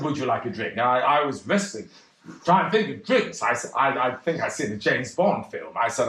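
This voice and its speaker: A man's voice: mid-range voice, fairly bright tone. An actor playing a bashful, rambling cocktail pianist in a one-man stage monologue, hesitant and self-deprecating. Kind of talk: theatrical monologue. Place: theatre stage. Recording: roomy theatre.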